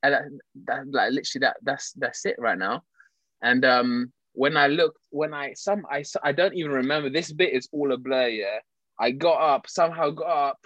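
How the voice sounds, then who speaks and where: A man telling a story in casual chat, animated, laughing often and restarting his sentences. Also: medium pitch, moderate pace, no echo, dull audio.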